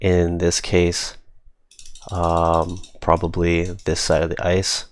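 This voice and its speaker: A man's voice: deep voice, completely flat delivery, slow pace. A man casually reviewing his hockey team's game footage, giving easygoing, amused play-by-play.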